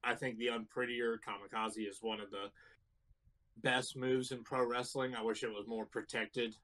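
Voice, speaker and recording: A man co-hosting a podcast, giving relaxed opinions on a wrestling match with lots of fillers. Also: mid-range voice, normal speed, rough recording. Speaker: podcast co-host. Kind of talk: casual chat reviewing wrestling.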